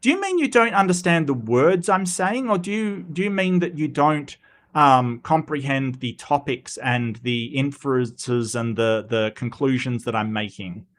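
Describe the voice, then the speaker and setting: A man's voice: mid-range voice, expressive, a bit bright. Australian male streamer, blunt and wry, stop-start delivery, answers chat live. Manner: halting, many restarts, blunt and wry. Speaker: host of a live commentary stream.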